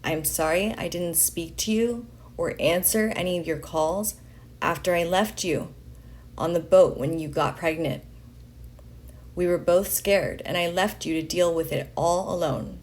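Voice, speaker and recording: A woman reading a letter aloud in a slow, deliberate way, pausing between phrases. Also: on the low side, darkish tone. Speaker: reader of a letter.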